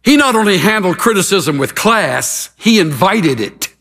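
Slow, emphatic preacher in a hall. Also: male voice, high voice, sing-song, fairly bright tone. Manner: measured, emphatic preaching with dramatic pauses. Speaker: pastor. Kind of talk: sermon.

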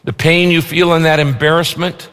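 A man's voice: on the high side, fairly even intonation, moderate pace, fairly bright tone, clean tone. A man preaching a sermon as pastor, earnest and emphatic, repeating key phrases and leading the congregation through verses. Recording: long hall reverb.

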